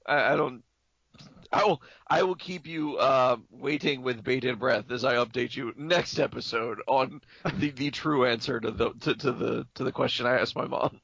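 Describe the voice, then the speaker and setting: Joking young man with a gravelly voice. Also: mid-range voice, moderate pace, a bit bright, dry recording. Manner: joking, does silly put-on voices. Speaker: podcast co-host. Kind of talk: casual chat. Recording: dull lo-fi podcast audio.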